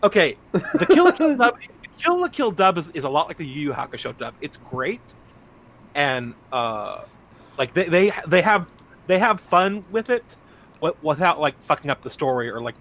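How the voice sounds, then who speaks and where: A man co-hosts a podcast and gushes about an anime. His voice sits somewhat high for a man. He talks with casual enthusiasm and drops the odd swear. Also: sing-song, moderate pace, fairly bright tone. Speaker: podcast co-host.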